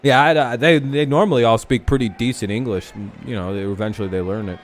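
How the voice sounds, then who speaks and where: A man's voice: mid-range voice, fast, a little hiss or hum. A man hosting a casual live stream, chatting loosely about a ballgame with plenty of swearing and laughter. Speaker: streamer and host.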